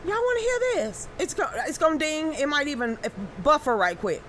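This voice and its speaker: A woman's voice: high-pitched, very animated, normal speed, fairly bright tone, slight background noise. A woman hosting a casual live stream, reacting to viewer comments with stammering restarts and sudden exclamations.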